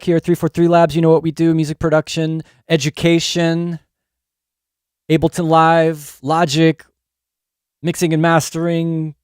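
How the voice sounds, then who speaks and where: A man hosts a casual livestream from a New York music studio, greeting viewers, chatting loosely, and reading out chat names. He wears headphones and uses a studio mic, and his mid-range voice is a little mellow and smooth, with no echo. Electronic music plays behind him.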